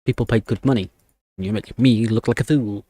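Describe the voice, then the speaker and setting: A man's voice: fairly low pitch, fairly quick, warm tone, no room sound, studio quality. Annoyed man ranting on stream. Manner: annoyed, ranting while typing commands. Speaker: livestreamer. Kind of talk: casual live stream chat.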